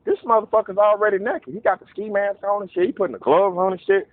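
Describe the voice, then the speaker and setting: A man telling a casual, profane story, animated and acting out voices in quotes. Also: high voice, fast, no room sound. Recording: narrow phone-like dry sound.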